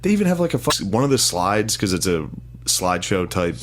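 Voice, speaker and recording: A man's voice: lowish voice, big pitch swings, brisk. A man in casual chat, laid-back, with short reactions.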